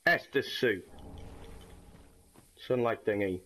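A man commenting on his own gameplay, swearing and shouting in frustration at enemies. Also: medium pitch, lively intonation, moderate pace. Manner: sweary, frustrated outbursts at the game. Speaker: gamer. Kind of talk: let's play commentary.

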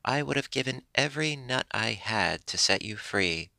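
A man's voice: mid-range voice, expressive, moderate pace, gravelly, bright, forceful tone, no room sound, voice pushed up, heavily acted. Saucy, tender young squirrel wife in a dry, close read; male narrator voicing her. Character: young female squirrel Bushytail, saucy, kind-hearted.

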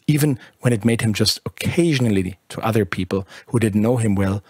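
A man narrating literary fiction at a measured, expressive pace. His voice is low and slightly husky. The sound is dry and close, with no room around it. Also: no room sound.

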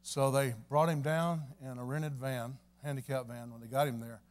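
A man preaching a revival sermon in church, telling a story in a folksy way and building to fervent shouting. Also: mid-range voice, fairly even intonation, moderate pace. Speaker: evangelist preacher. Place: church service.

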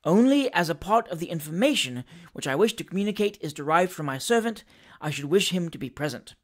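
A reader voicing a firm, indignant older gentleman in an audiobook, speaking with measured dignity. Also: mid-range voice, expressive, natural voice. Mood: firm indignation. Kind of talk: audiobook character voice.

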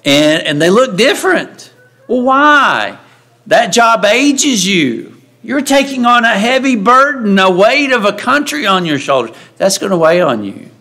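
Conversational preacher man, slightly high voice. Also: sing-song, unhurried, bright, forceful tone. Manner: conversational, asks the congregation frequent rhetorical questions; acts out the voices of Bible figures when quoting them. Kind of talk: sermon. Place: church sanctuary.

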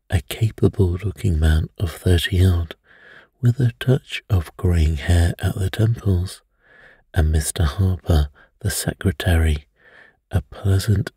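A man reading a mystery aloud as a bedtime story in a soft, soothing way. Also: deep voice, husky, dry recording, clean studio sound.

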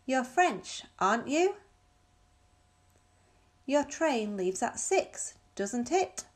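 Slow, careful woman reading textbook questions. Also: sits high, very animated. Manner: clear, careful reading of sample sentences with marked intonation. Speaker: recorded audio speaker.

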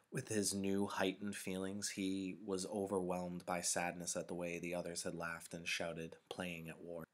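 Male teacher narrating a novel for students, very low voice, calm and measured. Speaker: teacher reading aloud. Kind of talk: novel read-aloud narration.

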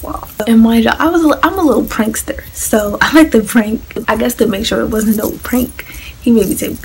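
A young woman vlogger chatting casually through a personal story, animated and addressing viewers directly. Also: on the high side, background noise.

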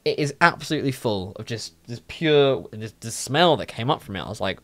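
Young guy telling a story, swears loads, voice jumps up and down a lot. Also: fairly quick. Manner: animated, swears a lot, jumpy pitch. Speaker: vlogger. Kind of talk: casual storytelling.

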